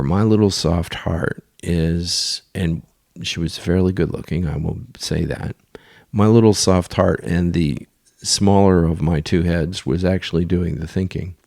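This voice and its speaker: A deep-voiced man tells a story on his podcast in an offhand, rambling way. His voice has a gravelly fry to it, and the sound is dry and close. He wanders through asides and restarts, with the odd crude remark. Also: a little mellow, dry recording. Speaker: podcast host telling sailing stories. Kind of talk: casual storytelling.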